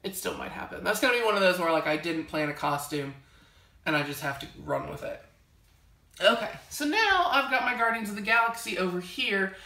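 Chatty young woman with a gravelly voice. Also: mid-range voice, animated, a little fast, sharp tone, reverberant. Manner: chatty, gushing, rambling with many fillers. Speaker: vlogger showing a collection. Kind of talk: casual chat to camera. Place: home library.

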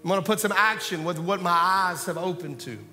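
A male preacher delivers a sermon at a fairly quick clip, alternating animated loud calls with quiet asides. His voice is high and bright, echoing in a reverberant hall with faint music beneath.

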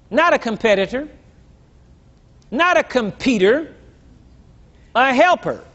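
Older male pastor, very high lively voice, emphatic teaching sermon, muffled lo-fi tape. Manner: emphatic preacher, slow drawn-out scripture reading, asks the congregation questions. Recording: dull lo-fi sermon recording.

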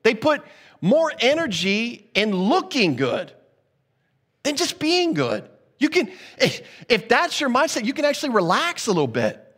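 A high-pitched, slightly bright male voice rings out with a long reverb tail. He's a pastor preaching in an earnest, chatty manner who often abandons a sentence mid-thought and begins again.

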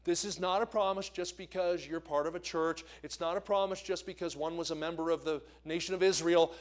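Fairly quick and fairly even in intonation, his voice on the high side, a visiting evangelist from the American Northeast delivers a sermon in a church sanctuary. Storytelling is his mode, and he poses questions to the congregation.

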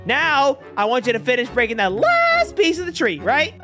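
A woman hosting an animated game video, talking excitedly and often panicking. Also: high-pitched, normal speed, faint music behind. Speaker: host. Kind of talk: excited narrated game role-play.

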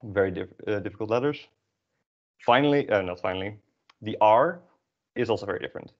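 Man, Dutch accent, young adult, language teacher, lowish pitch, muffled lo-fi audio. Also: brisk. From Netherlands. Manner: self-deprecating, explanatory. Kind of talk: online beginner language lesson. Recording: dull lo-fi audio.

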